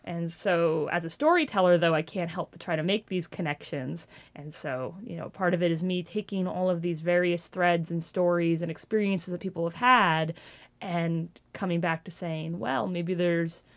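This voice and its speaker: A woman in her thirties, a ghost tour guide, telling stories in an animated way and acting out gasps and quotes in an interview. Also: on the low side, moderate pace. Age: 30s. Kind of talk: storytelling interview.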